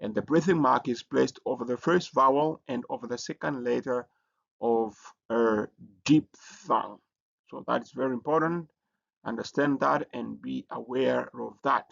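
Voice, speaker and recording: A man presenting a recorded lesson, speaking haltingly with many fillers and restarts. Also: medium pitch, vocal fry. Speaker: teacher. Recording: dull lo-fi recording.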